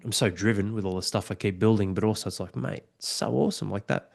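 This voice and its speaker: A man's voice: on the low side, fairly even intonation, fast, vocal fry. A man, hosting a podcast interview and encouraging his guest with enthusiasm. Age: 40s. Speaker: podcast host. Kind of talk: conversational interview.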